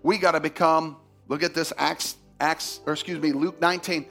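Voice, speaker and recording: A man preaching a sermon as pastor, swinging from loud, fervent emphasis to quiet asides. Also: a little high, steady tone, moderate pace, faint music behind.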